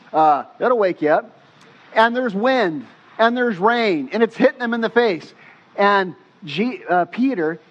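A man preaching a sermon as pastor, telling stories with animated, casual delivery and slang. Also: sits high, lo-fi sound.

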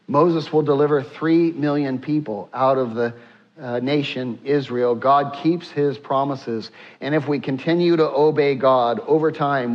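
A male pastor preaching a sermon to his church, emphatic, piling up repeated rhetorical questions and dropping to a hushed tone at tender points. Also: fairly high pitch, lo-fi sound.

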